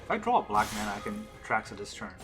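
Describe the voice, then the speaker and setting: A man's voice: fairly low pitch, sing-song, rapid-fire, loud music behind the voice. A man thinking aloud as he plays a digital card game, counting cards and questioning his own moves. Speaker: gameplay streamer.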